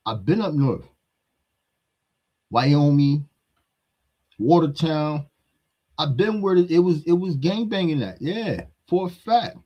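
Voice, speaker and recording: A man's voice: on the high side, animated, slow, long pauses, dull audio. A man with a New York accent, giving a blunt, heated hip-hop commentary rant that repeats its points.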